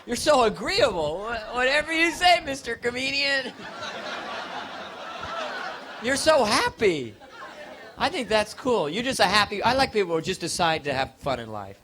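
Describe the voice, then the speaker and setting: A man's voice: very high-pitched, sing-song, moderate pace, a crowd in the background, background noise. A man doing a live stand-up set in a comedy club, rambling playfully and teasing the audience.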